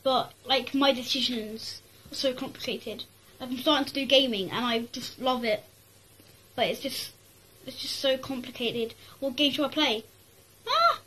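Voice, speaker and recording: A woman giving casual gameplay commentary, rambling and excitable, talking to herself as she plays. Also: sits high, normal speed, rough recording. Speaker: gaming YouTuber.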